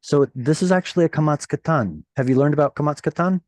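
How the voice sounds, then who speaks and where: A man's voice: a little high, fast, no echo. A man tutoring a student in Hebrew reading, patiently correcting pronunciation over a video call. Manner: encouraging, corrects pronunciation gently. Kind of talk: patient one-on-one reading lesson.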